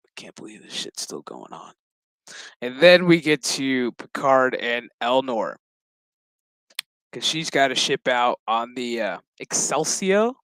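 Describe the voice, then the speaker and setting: A man's voice: medium pitch, very animated, measured pace, fairly bright tone, dry recording. Blunt, foul-mouthed man doing a recap. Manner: profane, sarcastic, blunt. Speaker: show reviewer. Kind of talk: casual episode recap.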